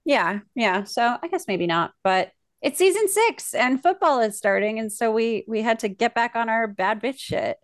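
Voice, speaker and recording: A woman's voice: fairly high pitch, animated, moderate pace, few pauses, no room sound, studio quality. A young woman co-hosting a podcast, chatting in a gushy, rambling way with plenty of fillers. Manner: chatty, gushing, lots of fillers. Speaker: podcast co-host. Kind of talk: casual chat.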